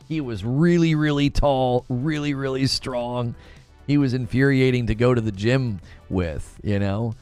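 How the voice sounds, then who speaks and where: A man's voice: mid-range voice, a little slow, a little mellow, clear, resonant tone. Man, casual stream chat, rambling, faint background music. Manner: rambling, self-correcting, laughs often. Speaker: gaming channel streamer.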